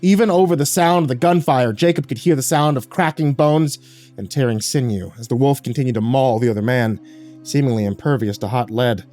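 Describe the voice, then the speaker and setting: Guy reading a scary story, dramatic delivery, middle pitch, soft music under it. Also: a little fast. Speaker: horror story narrator. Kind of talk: scripted horror narration.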